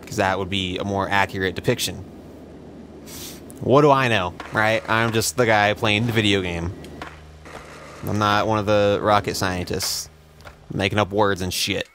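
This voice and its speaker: A man's voice: fairly low pitch, fairly even intonation, unhurried, pauses often, fairly bright tone, a little hiss or hum. A young man giving sarcastic, profane, self-mocking commentary while playing a video game. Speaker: let's play host. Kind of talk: casual gameplay commentary.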